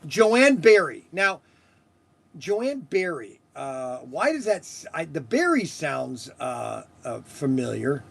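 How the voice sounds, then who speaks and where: A man hosting a toy shop stream, rambling in casual chat with halting restarts and chuckles. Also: medium pitch, very animated, gravelly.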